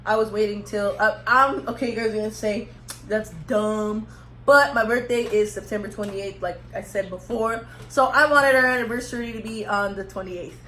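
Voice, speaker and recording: A woman's voice: a little high, fairly quick, hardly any pauses, sharp tone. A young woman telling a storytime vlog, rambling and laughing at herself. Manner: laughing, rambling, self-teasing. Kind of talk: casual storytime chat. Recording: echoey room, faint background hum.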